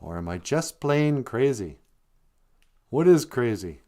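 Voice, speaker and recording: Slow, lively-voiced male podcast host. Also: mid-range voice. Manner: muses aloud, repeats words for learners. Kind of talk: casual podcast chat teaching language words.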